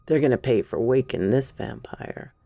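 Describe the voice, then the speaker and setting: A woman's voice: very deep voice, lively intonation, normal speed, vocal fry, warm tone, no room sound, faint music behind, voice pushed down, exaggerated voice. A woman storyteller voicing a sour, gloating newly turned male vampire who grumbles sardonic asides.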